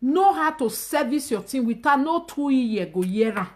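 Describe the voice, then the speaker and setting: Loud high-pitched woman ranting in Nigerian Pidgin. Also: lively intonation, moderate pace, slight background noise. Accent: Nigerian Pidgin English. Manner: emphatic, mocking, swings between loud outbursts and low asides. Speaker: live-stream host. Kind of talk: animated casual rant.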